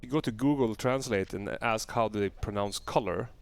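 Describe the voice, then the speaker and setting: A man streaming a video game, chatting casually with viewers and answering their questions with relaxed filler pauses. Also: lowish voice, creaky, no echo.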